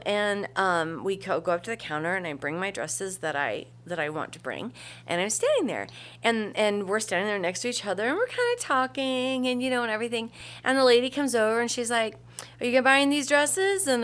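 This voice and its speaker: A woman's voice: medium pitch, animated, a little fast. A woman about to turn fifty, co-hosting a podcast, telling a story in easy casual chat and laughing readily. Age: 40s. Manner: storytelling, laughs easily, trailing off. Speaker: podcast co-host.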